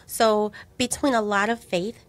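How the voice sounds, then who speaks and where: Middle-aged woman guest, earnest, animated storyteller, mid-range voice. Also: mid-range voice, measured pace. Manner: earnest, animated retelling with quoted dialogue. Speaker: guest, breast cancer survivor. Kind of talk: personal storytelling in a talk show interview.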